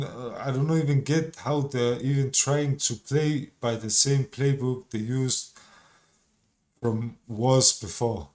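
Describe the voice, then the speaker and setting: A man with a slangy style, giving casual reaction commentary. He talks in an exasperated, swearing way. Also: medium pitch. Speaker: video commentator.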